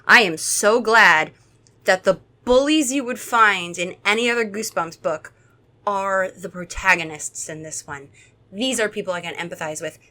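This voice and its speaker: A young woman with a bright, forceful voice pitched a little low for a woman hosts a comedic book reading. She reads a children's horror book aloud and breaks in with sarcastic, playful asides. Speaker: host.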